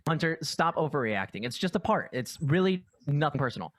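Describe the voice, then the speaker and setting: A man in a comedy sketch podcast, exasperated and complaining in a flat tone. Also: fairly high pitch, brisk, no room sound, studio quality. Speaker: cast member. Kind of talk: scripted comedy sketch banter.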